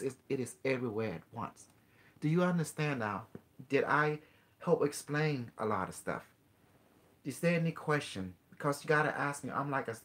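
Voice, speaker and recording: A man hosting a call-in show, earnestly explaining ideas in halting, non-native English, with many restarts and rhetorical questions. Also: mid-range voice, fairly bright tone. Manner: earnest explaining, mixes in quoted dialogue with a device. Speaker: host.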